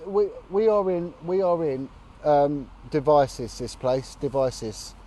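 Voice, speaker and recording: A man's voice: fairly high pitch, slow pace, mellow. Indignant man talking outdoors by traffic. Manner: earnest and indignant, with blunt swearing. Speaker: vlogger on a long charity walk. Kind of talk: casual outdoor chat to camera. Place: outdoors, sitting on a bench by a road.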